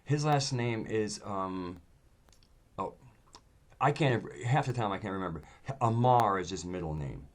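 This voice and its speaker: Rambling low-voiced man. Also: animated, unhurried. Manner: rambling and hesitant, with many fillers. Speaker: video host. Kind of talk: casual monologue.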